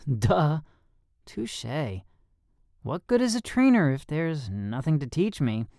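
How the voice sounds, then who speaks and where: A man's voice: fairly high pitch, very animated, takes it slowly, mellow, no room sound, full character voice. A man voicing a confident young male combat trainer who coaches with dry teasing.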